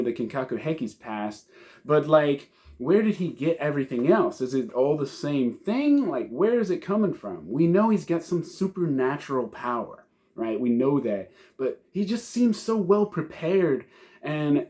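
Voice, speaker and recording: A man's voice: mid-range voice, warm tone. A man in casual, rambling commentary, reviewing a manga chapter with many fillers and restarts.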